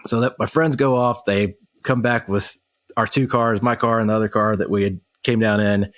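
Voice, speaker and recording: An American man co-hosting a podcast, retelling an accident in a brisk, animated way, quoting what everyone said. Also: lowish voice, no room sound. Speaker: podcast co-host. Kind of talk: casual storytelling chat.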